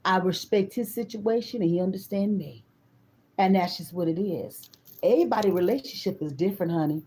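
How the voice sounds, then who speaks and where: A woman in her fifties tells a story in a loose, casual way. Her voice is mellow and dark. She talks bluntly, swears freely and turns to her viewers as if they were close friends. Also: medium pitch, fairly quick, slight background noise. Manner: blunt, profane, animated, talks straight to the viewers. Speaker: tarot reader.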